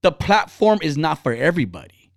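High, lively man telling a candid story. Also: fairly quick, vocal fry, dry recording, studio quality. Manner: candid, rambling, with frequent restarts and laughs. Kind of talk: casual storytelling chat.

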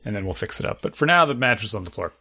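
A man's voice: fairly low pitch, expressive, racing, pushed and bright. A man chatting casually, telling wry, self-deprecating stories about parenting. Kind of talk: casual chat.

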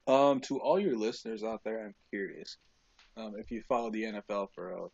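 A man co-hosting a casual sports podcast, an animated storyteller who uses many fillers and restarts. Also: fairly low pitch, a little fast, creaky, breathy edge, no room sound, lo-fi sound. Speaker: podcast co-host.

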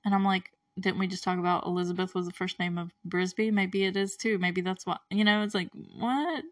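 A woman's voice: fairly low pitch, steady tone, fairly quick, no echo. Young female podcast host, casual rambling recap, giggly and quizzical; dry, slightly distant mic. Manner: rambling, chatty, laughs often, puzzled asides.

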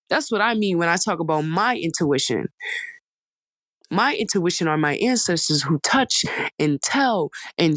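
A woman's voice: mid-range voice, fairly bright tone, no room sound. Earnest rambling woman in her twenties. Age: 20s. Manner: heartfelt, rambling, emphatic repetition. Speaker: podcast host. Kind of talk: casual storytime monologue.

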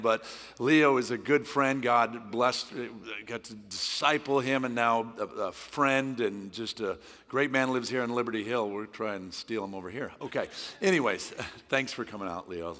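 A middle-aged man from Southern California, a guest pastor preaching a sermon in a loud, intense, passionate way. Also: medium pitch, normal speed. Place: church hall. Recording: long church hall reverb.

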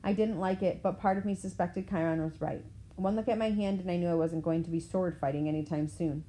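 A woman reading a first-person novel aloud in a steady, plain storytelling manner. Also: on the low side, a little fast, slight background noise, rough recording. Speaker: audiobook narrator.

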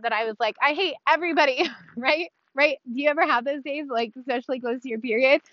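A woman with a fairly high voice speaks from the heart to her viewers, earnest and emotional, with small laughs between lines. Her voice is close and dry, with a slightly dull, muffled sound. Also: a bit bright, no room sound. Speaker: vlogger sharing her recovery story. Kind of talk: heartfelt personal monologue. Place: outdoors on a dirt road.

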